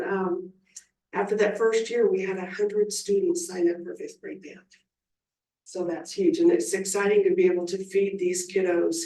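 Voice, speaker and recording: An elementary music teacher gives an informal, enthusiastic presentation to a school board, with many fillers. Her voice is lowish and mellow, and the meeting-room sound is roomy and distant.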